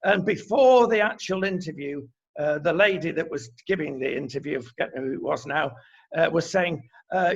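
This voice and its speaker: A man's voice: fairly high pitch, moderate pace, vocal fry, husky. A man with a Manchester accent co-hosting an opinion chat, blunt and indignant, with many fillers. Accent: Mancunian. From England. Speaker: co-host. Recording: dull lo-fi sound.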